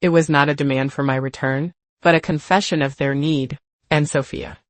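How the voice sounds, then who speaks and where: An older woman narrating a first-person story in a measured, reflective way. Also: low voice, steady tone, no echo.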